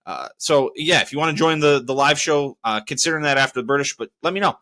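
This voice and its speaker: A man hosting a solo podcast, telling stories with heavy swearing and winding down with thanks to listeners. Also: quick pace. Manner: profane, exasperated storytelling; lively, restless pitch swings. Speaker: podcast host. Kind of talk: solo podcast rant and sign-off.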